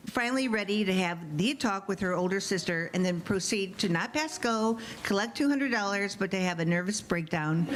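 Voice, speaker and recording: A mother in her forties reading her humorous personal essay to a live audience, with wry, lively comic storytelling. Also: medium pitch, background noise.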